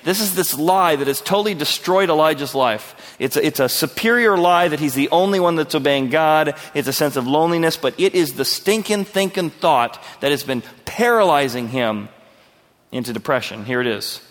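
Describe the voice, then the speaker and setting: Earnest preacher with a high-ish voice. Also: male voice, lively intonation, normal speed, a bit bright, in a large hall. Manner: earnest, conversational preaching with direct questions to listeners. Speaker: pastor. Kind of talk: verse-by-verse sermon.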